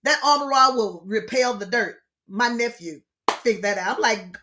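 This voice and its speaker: A middle-aged woman, leading an online grief session in a lively teaching style, expressive and preacher-like, repeating her key points. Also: fairly high pitch, moderate pace, noisy background.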